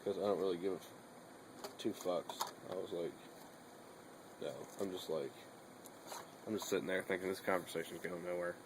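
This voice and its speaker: A man's voice: deep voice, steady tone, moderate pace, long pauses, noisy background. A young man chatting casually in a bedroom vlog, rambling and swearing a lot between fillers. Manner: rambling and profane, with many fillers.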